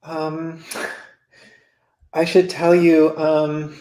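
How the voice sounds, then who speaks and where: A man's voice: on the high side, little pitch movement, drawn-out words, dark tone, roomy sound. A man voicing a harried newspaper editor who stammers when exasperated.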